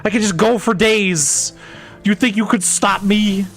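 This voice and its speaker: A man's voice: high-pitched, unhurried, fairly bright tone, soft background music. A man streaming a game playthrough, joking around, laughing often and reading lines in mock-dramatic voices.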